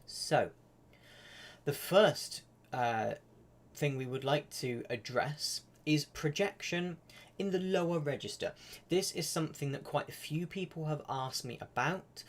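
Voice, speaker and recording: A man's voice: on the high side, unhurried. A man giving a casual live-streamed flute lesson, chatty and full of fillers. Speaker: flute teacher.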